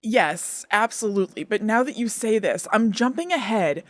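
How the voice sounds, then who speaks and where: Exasperated, animated woman on a podcast. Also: mid-range voice, normal speed, dry recording, studio quality. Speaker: podcast co-host. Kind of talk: casual chat.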